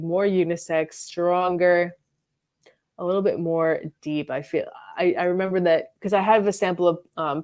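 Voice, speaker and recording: Low in pitch and dark in tone, this woman runs a live stream about perfumes from her bedroom. She reviews fragrances in a loose, chatty style, full of fillers and frequent giggles.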